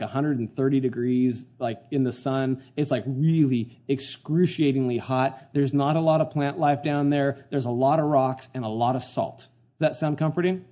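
A man's voice: fairly high pitch, warm tone, highs cut off. A man preaching a casual sermon in a conversational, slangy way, often asking the congregation questions. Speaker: pastor.

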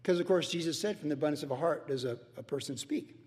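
A man's voice: on the high side, quick pace, a little mellow, big-room sound. A male pastor teaching a verse-by-verse sermon in a loose, conversational way, repeating himself for emphasis. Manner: conversational, repetitive, acts out worried voices.

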